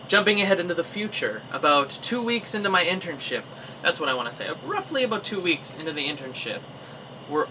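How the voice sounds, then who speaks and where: A young Canadian man telling a personal story in a casual, animated way, acting out his own reactions. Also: fairly high pitch, far from the mic, slight background noise, low-quality recording. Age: young adult. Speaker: vlogger.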